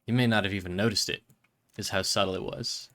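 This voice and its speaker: A man's voice: fairly low pitch, steady tone, quick pace, fairly bright tone. A man streaming a game, chatting to viewers in a rambling, self-mocking way. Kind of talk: casual live-stream chatter.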